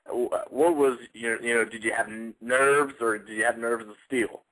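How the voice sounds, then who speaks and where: A man hosting a radio show, asking questions in a casual, halting way with restarts. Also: mid-range voice, steady tone, fairly bright tone, rough recording.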